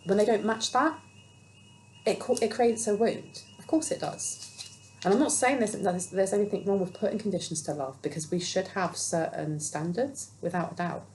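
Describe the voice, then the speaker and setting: A woman's voice: mid-range voice, dark tone, a little hiss or hum, rough recording. Earnest woman giving a tarot reading. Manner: earnest, reassuring, acts out quoted voices. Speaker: tarot reader. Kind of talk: spiritual tarot reading monologue.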